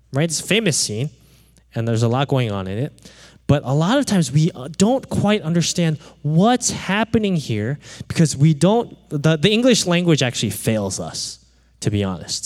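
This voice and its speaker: A man's voice: on the high side, big-room sound. A man preaching a sermon, explaining scripture in a conversational way and often checking in with "right?". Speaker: pastor.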